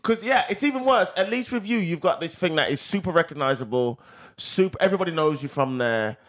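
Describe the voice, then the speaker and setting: A man's voice: a little high, expressive, a little fast, fairly bright tone. A man hosting a casual podcast chat, talking in loose, stumbling restarts. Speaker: podcast host. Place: Edinburgh.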